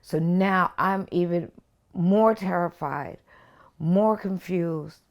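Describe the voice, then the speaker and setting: A woman's voice: fairly low pitch, takes it slowly, muffled recording. A woman being interviewed at home for a documentary, telling a personal story in an earnest, heartfelt way. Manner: earnest, heartfelt storytelling, sing-song when quoting others.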